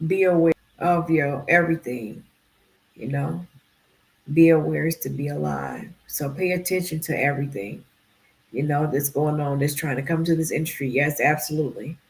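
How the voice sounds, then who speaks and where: A woman's voice: low-pitched, moderate pace, vocal fry, a little mellow. A woman being interviewed as a PR company head, talking casually in a rambling, self-deprecating way and laughing often. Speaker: guest, PR firm CEO.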